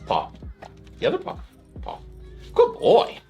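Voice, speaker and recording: Lively high-voiced woman streaming live. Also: unhurried, creaky, faint music behind. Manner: animated, gushing thanks and coaxing a dog. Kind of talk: casual live-stream chat.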